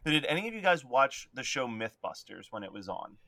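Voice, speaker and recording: Bright-voiced young man telling stories. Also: mid-range voice, brisk, creaky, dry recording. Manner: animated storyteller, laughs often mid-sentence. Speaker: podcast co-host. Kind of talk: casual chat. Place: home basement.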